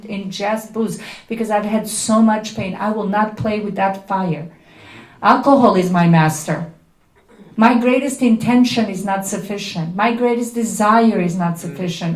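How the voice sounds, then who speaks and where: A woman's voice: a little high, a little mellow. Earnest Serbian-accented woman, echoey room. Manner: earnest, emphatic, candid. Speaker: recovery speaker at a workshop. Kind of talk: personal testimony talk. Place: workshop room before an audience.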